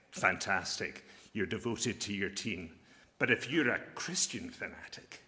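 Male chaplain giving a sermon, earnest, leans hard on key words, sharp bright tone. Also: medium pitch. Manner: earnest, emphatic, slows down to stress key phrases. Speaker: pastor and military chaplain.

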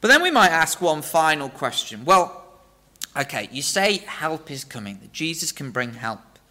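A man preaching a sermon, earnest and emphatic, explaining scripture in plain terms and slowing down for stress. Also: fairly high pitch, very animated, bright, forceful tone.

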